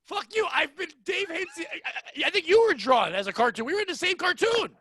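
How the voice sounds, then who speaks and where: High bright dude ranting on a comedy podcast, loud and worked up, dry close sound. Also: male voice, quick pace, no room sound. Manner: loud, animated, mock-outraged ranting. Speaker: podcast co-host. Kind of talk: casual comedic chat.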